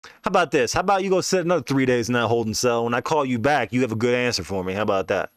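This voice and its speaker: A man's voice: mid-range voice, expressive, racing, no room sound, studio quality, natural voice. A man voicing a stern, sarcastic older male judge who talks in a curt, mocking, bossy way. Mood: scolding.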